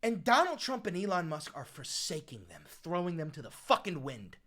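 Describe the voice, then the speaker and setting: Man, reaction video host, profane heated rant, animated swings in pitch, bright forceful tone. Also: normal speed. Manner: profane, impassioned ranting.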